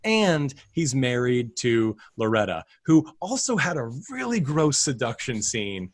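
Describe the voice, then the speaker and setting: A man's voice: medium pitch, sing-song, a little slow, dry recording. A man co-hosting a film podcast, chatting casually about a movie, rambling with lots of fillers and restarts. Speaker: podcast co-host. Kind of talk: casual film review chat.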